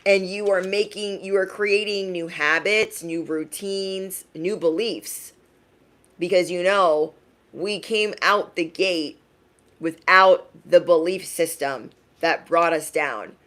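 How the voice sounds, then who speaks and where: A young adult woman giving a casual livestream tarot reading in a frank, emphatic way, often tagging her points with a quick question. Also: on the low side, a bit bright. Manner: emphatic, frank, tags lines with "okay?". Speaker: tarot reader.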